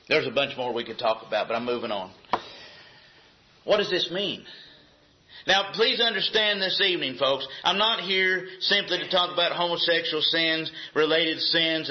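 A man preaching a sermon in a church, emphatic and repetitive, firing off rhetorical questions. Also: on the high side. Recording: echoey, dull lo-fi sound.

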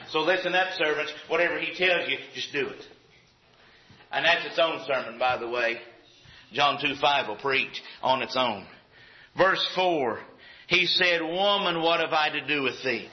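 A pastor with a voice on the high side preaches at a moderate pace, folksy and conversational, slipping in acted-out asides. The recording is dull and lo-fi.

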